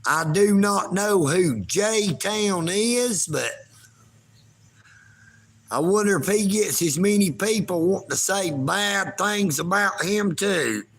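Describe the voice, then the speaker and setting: Guy in his 40s, husky gravelly voice, slow drawn-out taunting rant on a livestream. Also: high voice, lively intonation, a bit bright. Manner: folksy, taunting, talks of himself in third person. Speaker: live streamer.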